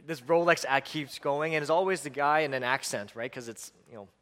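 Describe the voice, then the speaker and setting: A man's voice: on the high side, fairly quick, fairly bright tone, long reverb tail. A male pastor preaching a sermon, emphatic, building on repeated lists and breaking into chuckles.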